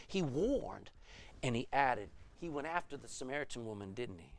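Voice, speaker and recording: A man's voice: mid-range voice, sing-song, brisk, no echo. A man preaching a sermon as pastor, emphatic and full of rhetorical questions.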